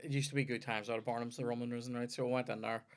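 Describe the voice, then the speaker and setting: Man, Northern Irish accent, middling pitch, podcast host, rambling sweary storytelling. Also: level tone, rapid-fire. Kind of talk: casual comedy podcast chat.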